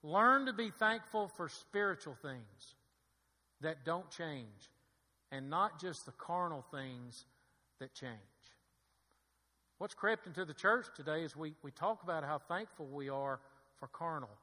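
A man's voice: a little high, animated, a little slow, bright, forceful tone. A man preaching a sermon in a church, building to fervent peaks and asking the congregation for an amen. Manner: preaching with rising fervor and call-and-response asides. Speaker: pastor. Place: church sanctuary. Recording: long hall reverb.

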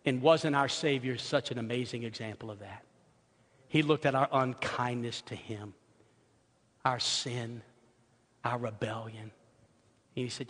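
A male pastor telling stories in a sermon, swinging from soft asides to loud, excited outbursts. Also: medium pitch, measured pace, pauses often. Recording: long hall reverb.

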